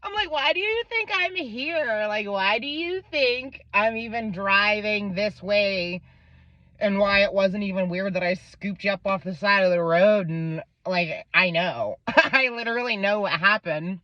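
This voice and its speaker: At a measured pace and medium pitch, this thirties-aged Pennsylvania woman animatedly relates a profane story about her kid, voicing the other people. There's no room sound in the dull, dry, lo-fi recording.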